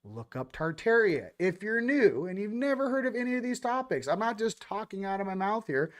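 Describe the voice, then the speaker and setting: A man hosts a casual spiritual talk show with a slightly high voice. He rants animatedly, dropping low and intense, then bursting loud with playful sound effects and mock voices. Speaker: host.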